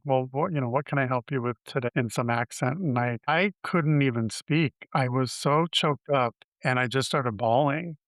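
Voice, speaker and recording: Smooth-voiced man in his fifties. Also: medium pitch, a bit bright, dry recording. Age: 50s. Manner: candid, halting, with frequent restarts. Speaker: interview guest. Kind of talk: personal storytelling in an interview.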